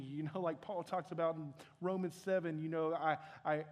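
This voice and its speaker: A man's voice: a little high, steady tone, moderate pace, hardly any pauses. A young man preaching a sermon as pastor, earnest and conversational, often restarting his sentences. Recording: long hall reverb.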